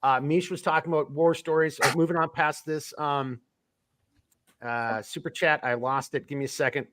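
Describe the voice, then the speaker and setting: Rambling male podcast host, higher voice. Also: fairly even intonation, normal speed, fairly bright tone, slight background noise. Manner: rambling, restarts often while reading the chat. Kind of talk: casual live-stream chat.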